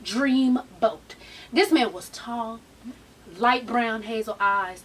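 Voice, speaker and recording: A woman's voice: fairly high pitch, takes it slowly, fairly bright tone, far from the mic, slight background noise. A woman casually telling a travel story, laughing often, acting out voices and swearing freely.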